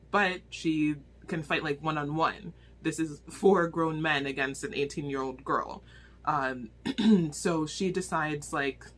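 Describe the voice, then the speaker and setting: A woman talking casually into her phone as she reviews a book, animated and exclaiming, rambling with restarts. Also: low-pitched.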